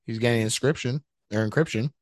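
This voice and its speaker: A man's voice: mid-range voice, a little fast, dry recording, studio quality. Wry, joking man in podcast chat. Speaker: podcast co-host. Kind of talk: casual chat.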